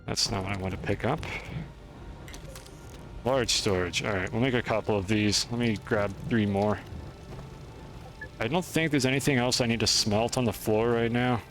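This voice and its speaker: A man's voice: on the low side, normal speed, long pauses, a bit bright, faint music behind. A man streaming a game, chatting through his moves in a rambling, self-deprecating way. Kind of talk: gameplay commentary.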